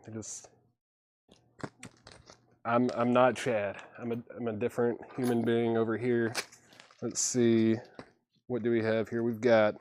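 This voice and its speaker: A man hosting a live vinyl record sale, listing titles, conditions and prices in steady patter with self-deprecating asides. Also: mid-range voice, unhurried, pauses often, slight background noise. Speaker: host selling vinyl records on a livestream.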